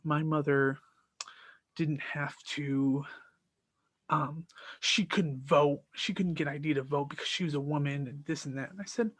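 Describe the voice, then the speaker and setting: Man retelling a heated argument, slightly high voice. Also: a little slow, no echo. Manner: animated, exasperated retelling of an argument; quotes both sides of a dialogue in his own voice. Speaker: podcast host. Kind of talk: casual storytelling monologue.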